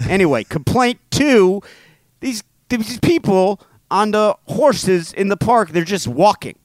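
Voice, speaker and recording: A man's voice: sits high, animated, takes it slowly, no room sound. A man co-hosting a podcast, chatting casually and ranting in a joking, mock-indignant way. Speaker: podcast co-host. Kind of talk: casual chat. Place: New York City.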